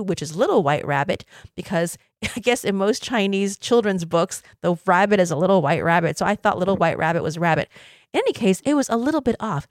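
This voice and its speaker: Podcast host, woman in her fifties, from Taiwan, earnest storyteller, lowish voice, dry close sound. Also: no echo. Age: 50s. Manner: earnest, reflective, with light laughs. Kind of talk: personal storytelling.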